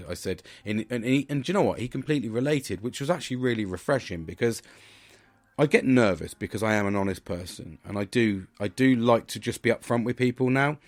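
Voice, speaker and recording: A man's voice: mid-range voice, a little fast, no echo. A British man hosting a podcast alone, chatting casually in a rambling, sweary way with lots of restarts. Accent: British English. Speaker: podcast host. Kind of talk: casual solo monologue.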